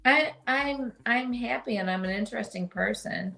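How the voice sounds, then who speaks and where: A woman's voice: a little high, moderate pace, vocal fry, pushed and bright. An older woman co-hosting a casual livestream chat, blunt and teasing, swearing freely.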